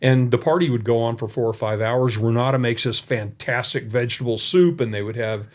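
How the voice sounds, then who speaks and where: A man's voice: medium pitch, brisk. A man who is a guest on a podcast, telling a long, folksy story full of asides from an indoor room. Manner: rambling and folksy, with many asides. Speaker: college development director, podcast guest. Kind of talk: anecdotal storytelling in a conversation.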